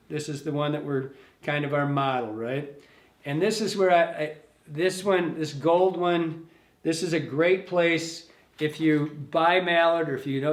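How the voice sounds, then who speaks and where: A man teaching fly tying at his bench, speaking loosely and fixing his words as he goes. His voice sits a little high for a man. The room gives it a noticeable echo. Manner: loose, thinking aloud, self-correcting. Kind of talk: casual hands-on demonstration. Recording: echoey room.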